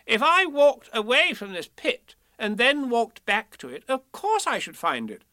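A man putting on a fussy, self-important storybook rabbit who bosses the others around. Pitched high and sharp, loud and lively. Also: measured pace, no echo, clean studio sound, full character voice. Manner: fussy, bossy.

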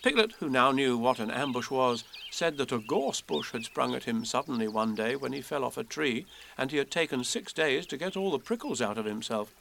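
A man reading children's poems and a storybook aloud in a measured, expressive way. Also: medium pitch, vocal fry, slight background noise. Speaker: narrator.

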